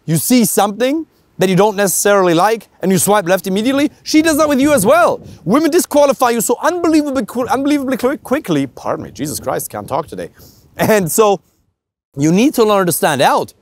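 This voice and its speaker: This German-accented dating coach talks straight into the camera in a high, sing-song voice, moving a little fast. His coaching is blunt and emphatic, and he keeps firing off rhetorical questions.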